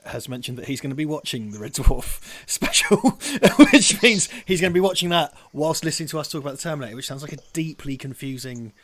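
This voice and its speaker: A man's voice: a little high, lively intonation, fairly quick, hardly any pauses, a bit bright. A man in his thirties hosts a live watch-party stream, chatting and reading out donations. His delivery is casual and self-deprecating, with frequent laughs. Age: 30s. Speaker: stream host.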